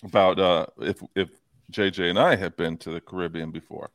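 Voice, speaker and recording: A man's voice: low-pitched, fairly even intonation, fairly quick, fairly bright tone, no room sound. A man co-hosting a casual podcast, rambling and easygoing as he tells stories. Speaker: podcast co-host. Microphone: close podcast mic.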